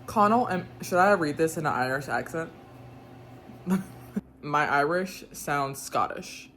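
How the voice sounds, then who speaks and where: A woman's voice: low voice, slight background noise. A young woman with a Southern US accent, chatting casually to camera about books, chatty and joking with playful asides. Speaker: book vlogger.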